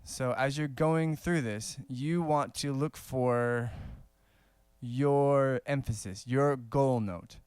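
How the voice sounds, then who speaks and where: A man giving a casual saxophone lesson, talking in a relaxed, conversational way with many fillers and small laughs. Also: mid-range voice, takes it slowly, clear, resonant tone, no room sound, studio quality. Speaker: saxophone teacher.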